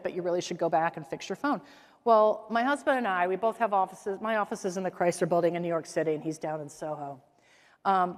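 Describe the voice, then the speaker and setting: A middle-aged woman from the American Midwest giving a keynote talk on stage, telling stories with energy and acting out the voices of the people in them. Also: mid-range voice. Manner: lively storytelling, acts out quoted voices. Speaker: keynote speaker. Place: conference hall stage. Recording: large hall with long reverb.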